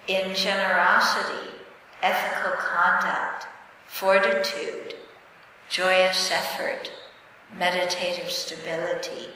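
A woman Buddhist teacher giving a dharma talk, telling stories in a plain, direct and measured way. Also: fairly low pitch, flat delivery, pushed and bright, slight background noise. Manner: conversational storytelling with light laughter. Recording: echoey hall from far off.

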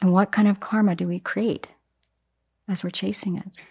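Woman Buddhist teacher, mid-range voice, lively storytelling dharma talk. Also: medium pitch, normal speed, vocal fry, slightly rough. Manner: animated, acts out everyday examples.

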